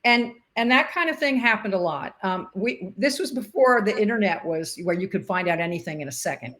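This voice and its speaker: In a casual interview, an older woman with a past as a sportscaster and umpire spins stories a little fast, her pitch medium. She brings them to life by acting out what people said.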